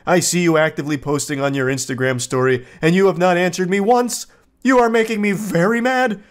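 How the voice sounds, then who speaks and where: A man's voice: steady tone, fast talker, natural voice. A man reading out texts in the voice of an obsessive, lovesick young man who pleads and flares into outrage. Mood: shrill, furious. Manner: pleading, then shrill and outraged.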